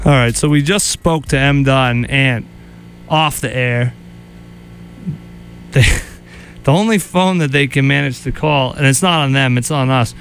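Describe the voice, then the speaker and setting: A man's voice: mid-range voice, a little slow, long pauses, soft background music. A man hosting a radio show in casual chat, wry and joking, grumbling about things he dislikes.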